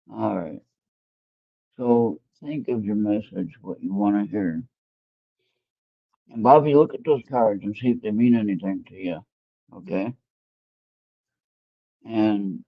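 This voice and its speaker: Gravelly low man on a tinny line. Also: no room sound. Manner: rambling, talks to himself while fumbling with his phone. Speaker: tarot reader hosting an internet radio show. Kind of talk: casual live spiritual reading and chat.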